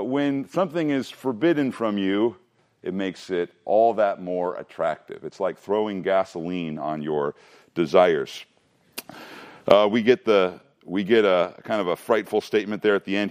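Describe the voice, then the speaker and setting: Low-pitched male pastor; relaxed conversational preaching with dry humor. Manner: conversational, with wry joking asides to the congregation. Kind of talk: sermon.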